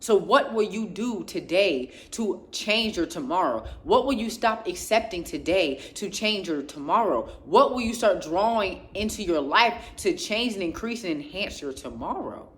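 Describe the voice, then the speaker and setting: A woman delivers a motivational faith talk straight to her listeners. She drives her points home with stacked, repeated phrases and an insistent, preachy rhythm, swelling with passion and then settling quieter. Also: mid-range voice, animated, normal speed, few pauses. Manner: speaks passionately, getting louder, then drops quieter. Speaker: faith and self-growth speaker.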